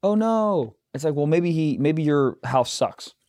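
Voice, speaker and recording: A man's voice: fairly high pitch, fairly even intonation, moderate pace, mellow. A man co-hosting a podcast, joking crudely and swearing, slipping into brief mock voices. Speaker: podcast co-host. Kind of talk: crude casual banter.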